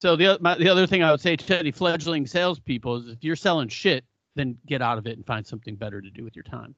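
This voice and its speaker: A man's voice: a little high, fast, no echo, lo-fi sound. A man co-hosting a podcast, telling stories in casual, profane chat and acting out the people in them. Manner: profane, animated storyteller who acts out quotes. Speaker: podcast co-host.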